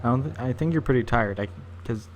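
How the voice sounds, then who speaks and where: A man's voice: mid-range voice, fast, a little hiss or hum. A man live-streaming a game, chatting casually with viewers, joking and rambling with frequent chuckles.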